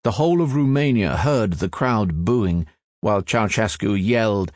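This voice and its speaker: A man narrates nonfiction in a measured, even way, like a scripted audiobook reading. His voice sits on the low side. The recording is dry, with almost no room sound. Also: dry recording. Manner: measured, even storytelling delivery.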